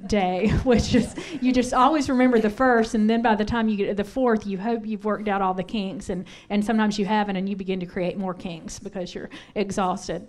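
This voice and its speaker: A woman's voice: medium pitch, a little mellow. A middle-aged woman giving a candid, conversational sermon on parenting in a church, telling a personal story and asking the audience questions. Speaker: pastor's wife teaching on parenting. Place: church sanctuary.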